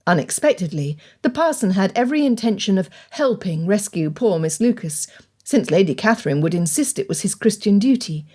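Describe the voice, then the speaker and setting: A woman narrating an audiobook in a steady, clear storytelling manner. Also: medium pitch, fairly quick. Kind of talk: scripted narration.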